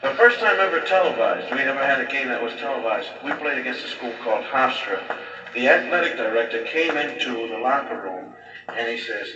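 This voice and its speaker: A man's voice: mid-range voice, expressive, fairly quick, music in the background. Rambling male stand-up comic, far off. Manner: rambling, full of "you know". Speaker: comedian. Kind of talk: stand-up storytelling. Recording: distant, echoey, dull live recording.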